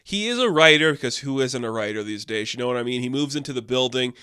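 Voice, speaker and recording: A man's voice: medium pitch, lively intonation, fast, sharp tone, smooth. Chatty, enthusiastic man reviewing films. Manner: enthusiastic, chatty, with frequent fillers and restarts. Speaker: film reviewer. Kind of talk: casual film review talk.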